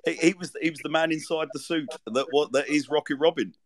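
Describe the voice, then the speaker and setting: A man hosting an interview, asking questions with halting restarts and fillers. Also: on the high side, steady tone, crowd noise. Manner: halting, stumbling over question openings. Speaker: podcast host. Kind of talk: casual interview chat.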